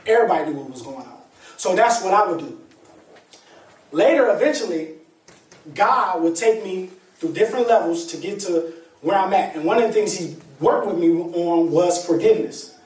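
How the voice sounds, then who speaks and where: A man speaking as a motivational speaker, telling a personal story to an audience in an animated, colloquial way with laughter. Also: high voice, moderate pace. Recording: echoey room, distant mic, faint ambience.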